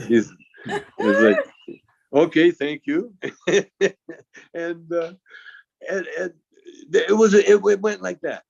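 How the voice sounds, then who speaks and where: A man's voice: a little high, lively intonation, measured pace, creaky, pauses often, darkish tone. A male guest casually telling a long anecdote, often chuckling and restarting his sentences. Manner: chuckling storyteller who stammers and restarts. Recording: dull lo-fi sound.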